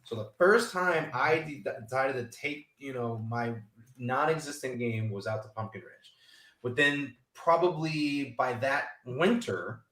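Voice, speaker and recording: Man, casual golf chat, rambling storyteller, mid pitch, echoey room. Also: measured pace, a bit bright. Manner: rambling storyteller, acts out quoted voices. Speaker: golf podcast co-host. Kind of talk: casual live-stream chat.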